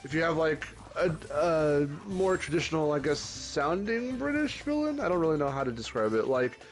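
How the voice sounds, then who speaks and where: A man's voice: a little high, big pitch swings, normal speed, faint music behind. Rambling man chatting over gameplay. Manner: rambling, laughs often, swears. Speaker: streamer co-host. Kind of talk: casual chat over gameplay.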